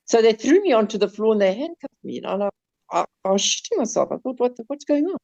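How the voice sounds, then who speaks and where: A man with a South African accent, casually telling a story on a podcast, animated, swearing and stumbling over his words. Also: sits high, fast, gravelly. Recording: slightly dull lo-fi sound.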